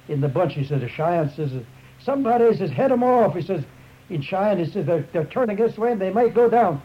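A man's voice: a little high, slight background noise. Man retelling an old account on lo-fi tape. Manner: rambling, repeats "up there", many restarts. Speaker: storyteller. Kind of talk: oral history retelling. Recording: dull lo-fi tape recording.

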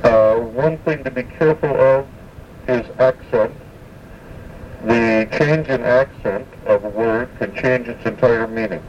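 A man teaching pronunciation, speaking haltingly with frequent pauses. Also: medium pitch, a little mellow, faint music behind. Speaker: language instructor. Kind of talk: explaining pronunciation. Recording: muffled, distant, faint background hum.

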